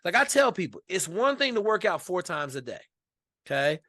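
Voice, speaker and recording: A man from Washington state, a podcast guest telling a story in casual, animated, profane speech. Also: high-pitched, normal speed, dry recording, studio quality.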